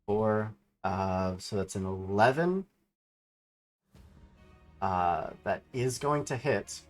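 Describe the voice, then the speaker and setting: A man's voice: on the low side, slow pace, soft background music. A man acting as game master, calling out rolls and damage in a matter-of-fact way. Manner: matter-of-fact rules calls. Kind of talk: running a tabletop game.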